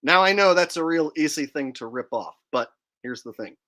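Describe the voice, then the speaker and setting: A man's voice: fairly high pitch, animated, moderate pace, bright, forceful tone. Casual streamer: a man who jokes around and rambles through viewer comments. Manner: joking, rambling, reads out chat comments. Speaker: livestream host. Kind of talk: casual livestream chat.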